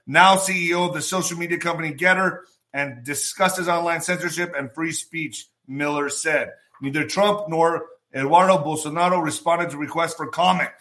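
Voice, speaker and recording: Bright-voiced excitable male news ranter. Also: a little high. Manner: excitable, sarcastic, laughs at his own jokes. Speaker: political commentary vlogger. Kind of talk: reading and ranting about news.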